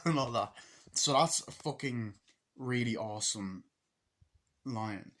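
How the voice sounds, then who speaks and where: A man casually reviewing a film, swearing freely and acting out scenes in quick voices as he rambles through the plot. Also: mid-range voice. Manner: excited, rambling retelling. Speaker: movie reviewer.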